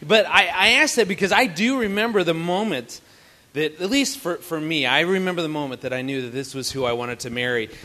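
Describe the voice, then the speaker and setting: A man's voice: on the high side, brisk, bright, forceful tone. A man telling a funny story to an audience at a family camp, playful and teasing. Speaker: married couple's co-speaker at a family camp.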